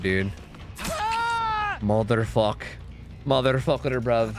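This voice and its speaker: A man's voice: mid-range voice, big pitch swings, a little fast, music in the background. A man streaming a game, ranting and chatting casually with viewers, swearing often. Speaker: gaming streamer. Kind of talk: casual live-stream commentary.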